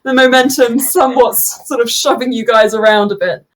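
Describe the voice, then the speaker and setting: A woman with a slightly high voice guides players through a tabletop game as its master. She talks casually, with quick asides and frequent laughter. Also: fairly even intonation.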